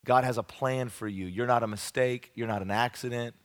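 A man preaching at a youth camp, telling a funny story from his childhood with lively, folksy emphasis. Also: mid-range voice, brisk. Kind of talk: evangelistic sermon with humorous storytelling. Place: large camp meeting room. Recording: long hall reverb.

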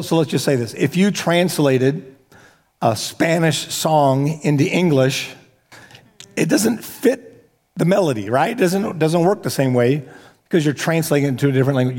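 A man's voice: on the high side, dark tone. A man preaching a sermon as pastor, talking casually with joking asides and frequent restarts. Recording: long hall reverb.

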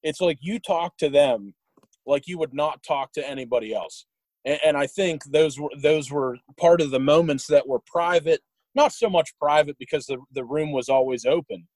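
A young man with a slightly high voice talks through old memories in a loose, rambling way and chuckles as he goes. The sound is close and dry, with no room around it. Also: no echo, poor audio. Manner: rambling, warm, chuckles while telling stories. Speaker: guest sharing memories. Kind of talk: casual storytelling.

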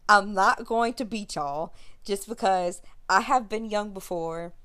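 Young woman, podcast host, animated, casual storytelling, mid pitch. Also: measured pace, smooth. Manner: animated, acts out quotes, laughs while telling.

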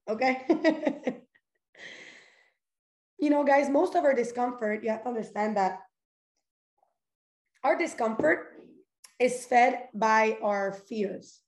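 A woman's voice: fairly high pitch, slow, long pauses, darkish tone, roomy sound. A woman hosting a live motivational call, talking energetically and directly, firing off rhetorical questions and breaking into laughter. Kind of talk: motivational talk to a live audience.

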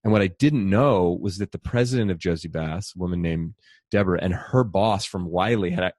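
A middle-aged man, an author and speaker, telling stories in an animated conversational way and acting out quoted voices. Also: sits low, brisk, no echo, studio quality. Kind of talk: conversational storytelling.

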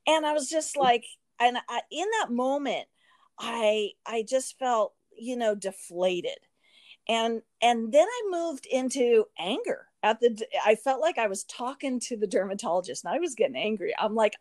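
A woman co-hosting a podcast, chatting casually in an animated way, laughing often and filling her speech with "you know" and "um". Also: high voice, normal speed, dry recording, studio quality. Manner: animated, laughing, many fillers. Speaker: podcast co-host. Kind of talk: casual chat.

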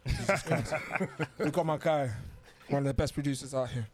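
A man's voice: on the high side, moderate pace, a little hiss or hum. A man hosting a casual football podcast, hyping up his co-hosts with playful banter. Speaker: podcast host. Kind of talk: casual chat.

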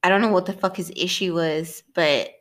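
A young woman trading personal stories on a laid-back podcast. She swears freely and leaps up in pitch whenever she acts out a remembered line. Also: moderate pace. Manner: animated storytelling with frequent swearing and big pitch jumps when quoting. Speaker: podcast co-host. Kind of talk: casual storytelling chat.

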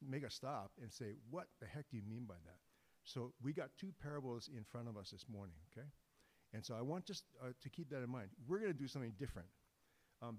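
A man's voice: medium pitch, darkish tone. A man preaching a sermon in a loose, conversational way, joking with the congregation and often restarting his sentences. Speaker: guest preacher. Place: church sanctuary. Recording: long hall reverb.

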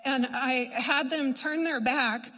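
A woman minister telling testimonies in a chatty, animated storytelling way, acting out what people said. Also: high voice, slow, in a large hall, rough recording. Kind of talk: testimony preaching.

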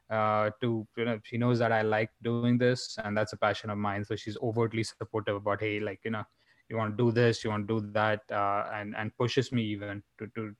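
A man's voice: lowish voice, no room sound. A young man from India, a stand-up comedian talking casually as a podcast guest, rambling with many fillers and restarts. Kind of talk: casual chat.

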